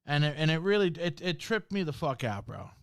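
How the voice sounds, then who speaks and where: A man's voice: a little high, very animated, a little fast, dry recording, studio quality. A man hosting a podcast, telling a spooky story from work in a casual, slangy way, full of swearing and "bro". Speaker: podcast host.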